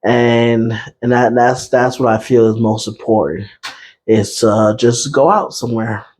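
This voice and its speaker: A man's voice: medium pitch, steady tone, measured pace, darkish tone, slight background noise. Man, podcast host, laid-back, chatty, unscripted, mid-range voice, lots of fillers. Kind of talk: unscripted casual talk.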